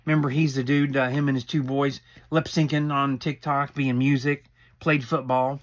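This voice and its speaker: A man's voice: mid-range voice, flat delivery, moderate pace. A middle-aged man giving a rambling, opinionated recap of a reality show, often acting out what the people said. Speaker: recap commentator. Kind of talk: casual show recap commentary.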